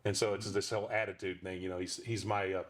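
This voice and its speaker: A ventriloquist and voice actor talks casually in an interview. His voice sits fairly low. He tells his stories in a loose, rambling way and pauses often on fillers. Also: level tone. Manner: rambling storyteller with frequent fillers.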